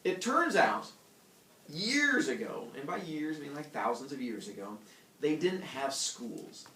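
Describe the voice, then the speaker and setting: Here the young teacher's voice is fairly high, bright and forceful, swinging widely in pitch while moving a little slowly. He jokes with the class and performs animal characters in funny voices during a lecture full of playful storytelling. The echoey classroom audio, recorded from a distance, has a little hiss or hum.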